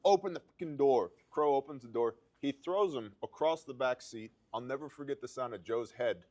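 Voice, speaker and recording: A man talking in a blunt, profane way, telling a personal story in casual conversation. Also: mid-range voice.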